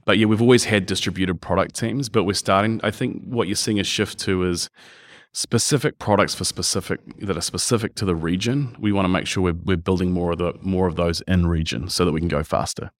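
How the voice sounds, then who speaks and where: Kiwi guy rattling off answers on a podcast, low voice, dry close mic. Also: no echo. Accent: New Zealand. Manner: rapid, energetic, lots of restarts. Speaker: podcast guest, software executive. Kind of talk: conversational interview.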